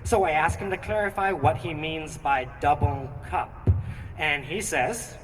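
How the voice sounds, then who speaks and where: A young man performing a stand-up comedy routine with animated, theatrical storytelling on a theatre stage. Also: fairly high pitch, unhurried. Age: young adult. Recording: echoey hall, distant mic, noisy.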